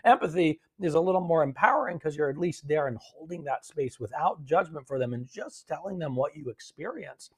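A man hosting a live-streamed gratitude session on a phone, gently coaching viewers and answering their comments. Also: a little high, animated, fairly quick, hardly any pauses, slightly rough.

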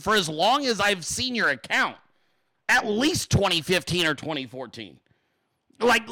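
Sarcastic ranting male host, bright voice. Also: high voice, no echo, low-quality recording. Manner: sarcastic, mocking, profane; laughs often between remarks. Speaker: political commentary show host. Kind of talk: casual rant.

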